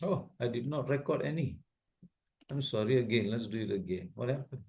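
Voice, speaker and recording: A man with an Asian English accent speaks in a mid-range, dark-toned voice at a fairly quick clip. He walks learners through a video-editing class step by step, patiently repeating his steps and often checking that they can follow. It's a slow, step-by-step software tutorial.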